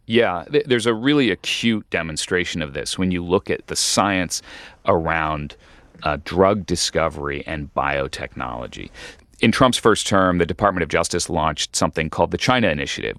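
Deep-voiced man, measured journalist guest. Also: animated, fairly bright tone, no echo, clean studio sound. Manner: measured, explanatory, with occasional restarts. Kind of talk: radio interview.

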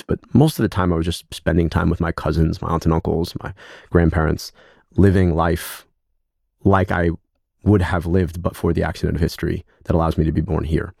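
A man's voice: low-pitched, creaky, a little mellow, no room sound, clean studio sound. A man from the United States, a guest in an interview, telling reflective stories and acting out quoted dialogue. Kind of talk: conversational interview.

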